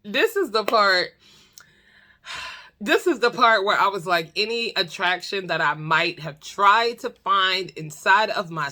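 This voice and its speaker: Storyteller woman with a bright, sharp voice, blunt and laughing, casual vlog. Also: medium pitch. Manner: animated, laughs often, blunt and profane. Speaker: storytime vlogger. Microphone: talking to her own camera.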